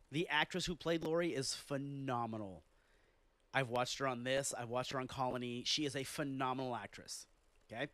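A man's voice: mid-range voice, fairly bright tone, no room sound. A man hosting a podcast, ranting in a blunt, exasperated way and swearing freely as he talks about a TV show. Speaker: podcast host. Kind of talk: casual rant. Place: home living room.

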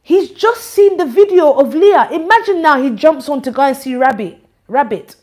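A woman giving an informal church address, animated, teasing and scolding. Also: sits high, normal speed. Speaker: church leader.

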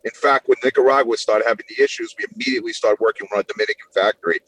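A man, a guest in an interview, talking about his business in a confident, brisk way. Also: medium pitch, a bit bright, no room sound, low-quality recording. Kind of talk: casual interview chat.

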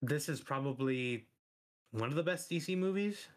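A man's voice: fairly high pitch, animated, normal speed. A man co-hosting a podcast in casual chat, laid-back, laughing often and acting out quotes. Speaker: podcast co-host.

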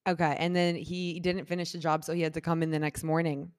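Woman, casual storytelling, slightly low voice, dry close sound, animated, acts out quotes, lots of "like". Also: fast talker, clear, resonant tone, no echo. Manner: animated, acts out quoted voices with big shifts in pitch and loudness; talks with many fillers like "like" and "I'm like". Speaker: guest telling a personal story.

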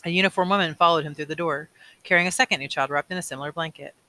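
A man's voice: on the high side, steady tone, racing, pushed and bright. A man reading a novel aloud, plainly, with small slips he corrects as he goes. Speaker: audiobook reader.

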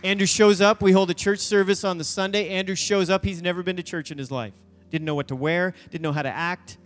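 A high-pitched man tells a story from the pulpit as a youth pastor, bringing each person in it to life. His voice carries a long reverb from a large church hall, and soft instrumental music plays underneath. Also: fast talker. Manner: animated storyteller, acting out voices in quotes. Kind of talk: sermon storytelling.

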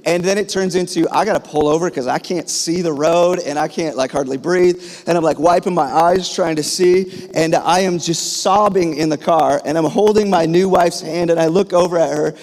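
A man in his thirties gives a sermon in a church hall, his slightly high voice trailing off into long reverb. He tells a personal story loosely, with many fillers and restarts. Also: fairly even intonation, moderate pace, hardly any pauses, darkish tone. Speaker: pastor.

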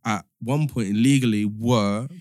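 A man's voice: on the low side, measured pace, darkish tone, no room sound, clean studio sound. A young man in a casual discussion, explaining his points step by step with lots of filler words.

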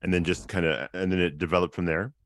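Man, interviewer, very low voice, short supportive replies, paraphrases the guest. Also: steady tone, fast talker, fairly bright tone. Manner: brief, supportive reactions and paraphrases. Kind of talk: conversational interview.

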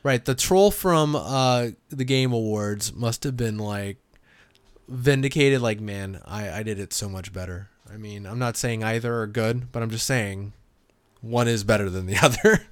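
A man co-hosting a podcast in casual chat, wry and quick to laugh. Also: mid-range voice, clear, resonant tone, no room sound. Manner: wry, laughs often, loose joking tone. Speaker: podcast co-host.

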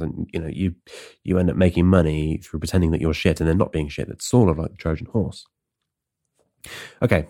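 A man with a low, gravelly voice rambles through his podcast in a casual monologue. His tone is dark and his talk is sardonic and full of swearing. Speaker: podcast host.

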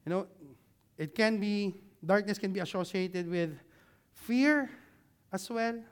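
A man preaching a sermon, engaging the listeners with many questions and growing more animated as he explains. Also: sits high, slow, smooth. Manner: grows louder and more animated when explaining.

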